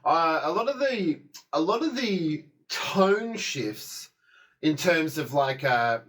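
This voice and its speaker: A man's voice: mid-range voice, a bit bright. A man giving a casual spoken review of a TV episode, rambling, with many fillers and restarts.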